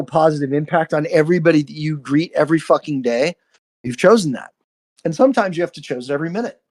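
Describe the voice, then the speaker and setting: On a live stream, a man whose voice sits on the high side with a darkish tone gives a heartfelt spiritual talk. He swears freely and peppers it with frequent "right?" checks.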